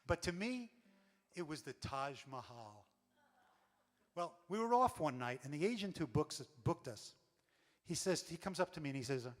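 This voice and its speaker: Brief: wry storyteller man, slightly high voice, on a reverberant stage. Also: normal speed, long pauses. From New York. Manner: animated, wry. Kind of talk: comic stage monologue.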